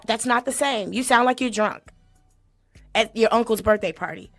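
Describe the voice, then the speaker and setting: A woman hosting a comedic vocal critique, sassy and mocking, bursting into exaggerated loud sung imitations. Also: a little high, expressive, normal speed, soft background music. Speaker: host critiquing a singer. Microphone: desk mic.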